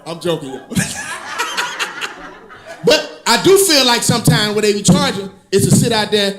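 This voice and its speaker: Guy doing standup, real high voice that jumps all over, shouts punchlines, echoey club. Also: moderate pace, faint music behind. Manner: animated storytelling, drawls and shouts punchlines. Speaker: stand-up comedian. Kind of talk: stand-up comedy set. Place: comedy club stage. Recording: echoey room with audience laughter.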